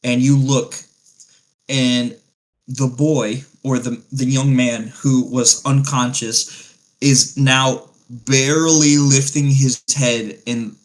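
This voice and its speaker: A man's voice: mid-range voice, little pitch movement, slow pace, poor audio. A man narrating a tabletop game as game master, in a loose, rambling way with many fillers.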